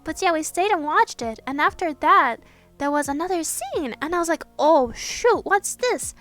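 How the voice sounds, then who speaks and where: A young woman chatting casually in a voiceover, an excitable fan gushing about a film, swearing now and then. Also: very high-pitched, normal speed. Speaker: artist narrating a speedpaint. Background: soft background music.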